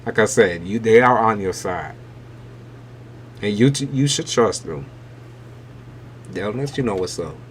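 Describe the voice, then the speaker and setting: A man's voice: fairly low pitch, lively intonation, unhurried, long pauses, slight background noise. A man giving a live-stream tarot reading, blunt and emphatic, with heavy swearing. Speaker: tarot reader.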